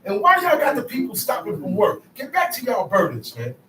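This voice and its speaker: A man's voice: high voice, huge pitch swings, a little fast, bright, forceful tone, slight background noise, voice pushed up, full character voice. A man playing an arrogant, dismissive Egyptian king who talks down in modern street slang. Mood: scoffing. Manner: slangy, scoffing, bossy. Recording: echoey room, mic far off.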